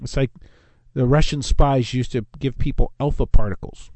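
A man's voice: medium pitch, fairly even intonation, normal speed, darkish tone, no room sound. A man from Southern California hosting a talk radio show, rambling in a casual monologue and often breaking off his own sentences. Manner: rambling, self-interrupting, jokey. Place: radio studio.

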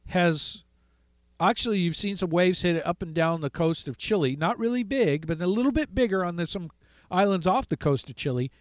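A man hosting a call-in radio talk show, retelling a story with animated delivery and acted-out voices. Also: high-pitched, moderate pace, no echo.

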